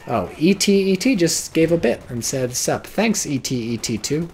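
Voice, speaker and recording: Lively American man casting a strategy game. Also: a little high, normal speed, soft background music. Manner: excitable, swears and yelps at big plays. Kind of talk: casual play-by-play game commentary.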